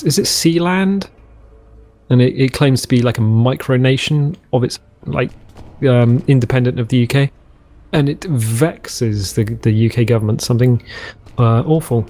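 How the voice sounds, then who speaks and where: A man's voice: mid-range voice, a little mellow. A man hosting a let's play, chatting and musing aloud in a rambling way while he plays a survival game. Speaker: gaming channel host.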